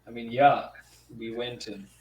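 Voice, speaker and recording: A man's voice: medium pitch, fairly even intonation, measured pace, darkish tone. A man speaking in character as a player in a tabletop role-play, rambling and hesitant with many fillers. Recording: roomy sound, from far off, faint noise.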